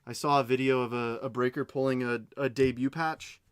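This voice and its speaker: A man with a steady, smooth, mid-range voice hosts a card break, opening cards live. Chatty and unhurried, he reads out names as he goes and tosses in playful, self-mocking asides.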